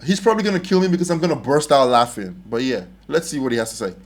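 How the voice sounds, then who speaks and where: A man's voice: medium pitch, fast. A young man hosting a casual reaction video, telling stories emphatically and laughing often.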